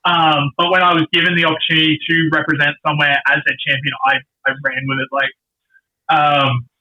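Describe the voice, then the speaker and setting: A man's voice: on the high side, level tone, a little fast, bright, forceful tone. A middle-aged man, a wrestler, telling earnest, rambling stories in a casual podcast interview. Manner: rambling, earnest storytelling with many fillers. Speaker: guest wrestler. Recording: dull lo-fi sound.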